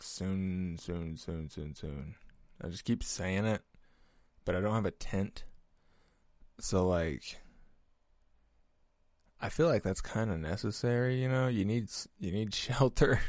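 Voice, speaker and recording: A man's voice: on the low side, darkish tone, dry recording. A man hosting a podcast, talking in a loose, rambling way, amused at himself and swearing casually. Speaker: podcast host. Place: podcast room.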